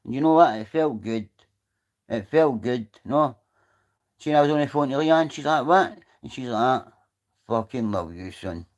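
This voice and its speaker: A Scottish man in casual livestream chat, his talk rambling and loose, full of swearing and asides to viewers. His voice sits at an ordinary middle pitch for a man, talking outdoors. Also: normal speed, darkish tone. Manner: rambling, chatty, swears freely. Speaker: livestream host.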